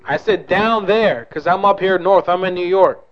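A man's voice: high-pitched, normal speed, muffled recording. Crude mocking man making a prank call. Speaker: prank caller.

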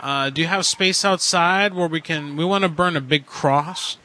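A man's voice: a little high, moderate pace, noisy background, close to an everyday voice. A man playing an American prank caller who openly preaches hate, talking bluntly and casually offensive on a phone call. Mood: deadpan provocative.

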